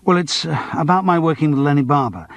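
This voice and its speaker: A man's voice: a little high, fast, dry recording, voice pushed up, lightly acted. A man voicing a struggling actor who speaks politely and hesitantly. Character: wry, struggling middle-aged male actor. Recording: dry close studio.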